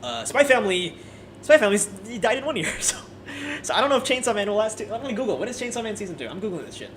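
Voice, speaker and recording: A man giving a casual, animated and profane ranting review, often restarting his sentences. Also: high voice, very fast, slight background noise. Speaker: anime video creator.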